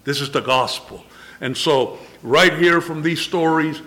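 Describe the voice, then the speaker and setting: An older man preaching a sermon, slow and emphatic, asking rhetorical questions and quoting scripture in old-fashioned wording. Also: on the high side, pushed and bright.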